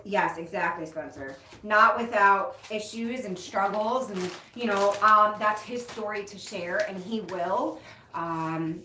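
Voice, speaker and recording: A woman hosts a casual livestream, speaking slowly to her viewers in an emotional, frank way, with casual swearing. Her voice comes from a little way off the mic, in a room with noticeable echo and faint ambient noise. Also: medium pitch, bright, forceful tone. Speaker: livestream host, recovery coach. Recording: roomy echo, distant mic.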